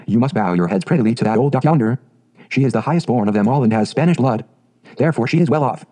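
A man voicing a fretful, prim mother duck in a storybook reading, with a mellow voice. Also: medium pitch, expressive, fast, natural voice. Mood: instructive. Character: fussy proud mother duck.

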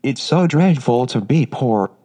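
A man reading the lines of a wistful, complaining eldest sister in an even, unacted synthetic voice. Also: mid-range voice, measured pace.

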